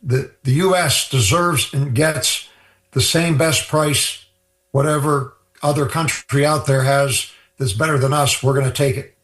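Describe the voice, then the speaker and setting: A man's voice: medium pitch, fairly even intonation, unhurried, fairly bright tone, reverberant. Matter-of-fact man explaining healthcare costs. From Ireland. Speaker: healthcare cost guest. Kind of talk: radio interview guest.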